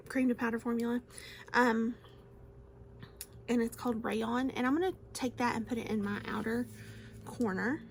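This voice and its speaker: A woman's voice: on the high side, a little mellow, slight background noise. Chatty woman gushing over makeup. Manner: chatty and gushing, laughs often. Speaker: beauty vlogger. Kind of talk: casual makeup tutorial chat.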